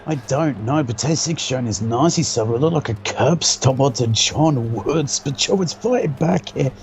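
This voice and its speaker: A man's voice: medium pitch, normal speed, slight background noise. A man doing joking, casual play-by-play commentary, sarcastic and swearing freely.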